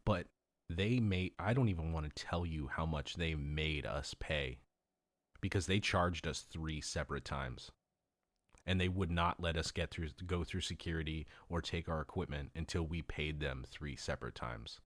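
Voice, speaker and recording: Host, male, 30s, deep voice, casual and sweary, tight dry sound. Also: moderate pace, dry recording. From California. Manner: loose, swears often, laughs easily. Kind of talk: casual profane chat.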